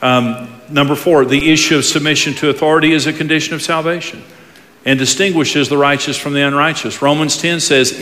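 A man preaching a sermon, telling stories with lively pacing and acting out the voices of the people he quotes. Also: fairly high pitch, fairly quick. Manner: animated storytelling, acts out quoted voices. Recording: long reverb of a large hall.

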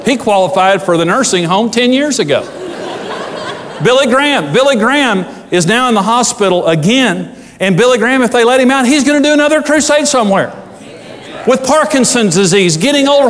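Fervent high-pitched preacher in a hall. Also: male voice. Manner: fervent preaching with big swings from loud highs to low hushed asides. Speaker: pastor. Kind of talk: sermon.

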